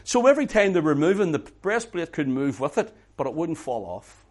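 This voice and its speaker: A middle-aged man delivers a sermon, moving from hushed, intimate talk to loud, emphatic preaching and repeating words for emphasis. His voice sits on the high side, with big pitch swings and a fairly quick pace.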